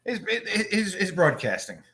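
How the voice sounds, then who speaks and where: Guy cohosting a podcast, bright voice, crude jokey stories, laid back chat. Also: high-pitched, very animated, measured pace. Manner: crude, joking storyteller. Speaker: podcast co-host. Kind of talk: casual chat.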